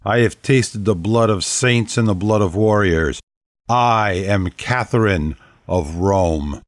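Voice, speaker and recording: A man's voice: lowish voice, animated, normal speed, no echo, studio quality, natural voice. A man voicing a regal, commanding ancient female vampire leader, speaking boldly and stately in an audiobook. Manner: bold, stately, proclaiming. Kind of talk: audiobook character voice.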